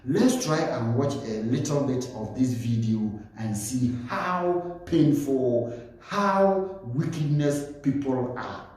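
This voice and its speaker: A man giving earnest commentary as a vlogger, speaking slowly and repeating himself to stress his points. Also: medium pitch, a little mellow. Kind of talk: earnest spoken commentary to camera. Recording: very echoey room.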